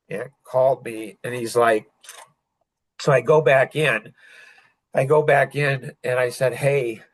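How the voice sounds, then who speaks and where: An older man telling a painful personal story as a podcast guest, halting and full of restarts. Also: mid-range voice, no room sound, low-quality recording. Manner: halting, emotional retelling with many restarts.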